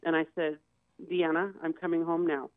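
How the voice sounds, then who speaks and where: Speaking at a moderate pace in a low, level voice, a woman guest on a talk show recounts a hard personal story plainly and candidly, acting out the quoted voices. The sound is dry and tinny, like a thin lo-fi phone line.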